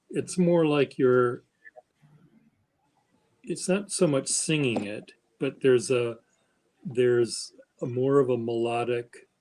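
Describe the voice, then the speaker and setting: Slow, flat-voiced man hosting a chat. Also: mid-range voice, rough recording. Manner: slow, halting, self-described monotone. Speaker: stream host. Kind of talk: casual chat.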